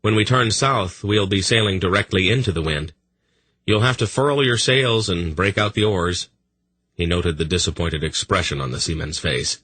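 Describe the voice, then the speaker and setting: A man's voice: deep voice, moderate pace, a bit bright, slightly rough, dry recording. A man voicing an earnest, firm young male leader in an audiobook, slightly raised voice. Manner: earnest, apologetic but firm.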